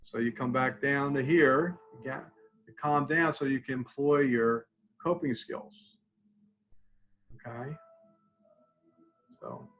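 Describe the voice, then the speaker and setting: A man of ordinary pitch speaks as a student support clinician on a live webinar. His delivery is loose and conversational, full of "okay?" and "all right?" as he walks listeners through tapping and body-scan exercises. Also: slow, long pauses, fairly bright tone, lo-fi sound. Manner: conversational, tags lines with "okay?"; guides tapping and mindfulness exercises.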